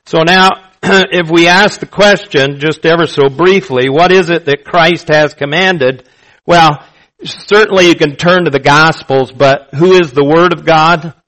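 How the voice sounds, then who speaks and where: A male pastor preaching a sermon, emphatic and slow, repeating his key phrases for weight. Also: on the high side, a bit bright, rough recording.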